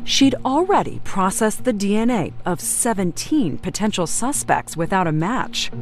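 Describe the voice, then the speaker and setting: A woman narrating a true-crime news story in a measured, dramatic cadence. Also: mid-range voice, big pitch swings, over music.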